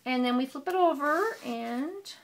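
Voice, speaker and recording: A woman casually walking through a handmade scrapbook album, chatty and gushing, with frequent "um" pauses. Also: high-pitched, expressive, a little hiss or hum. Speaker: papercraft hobbyist.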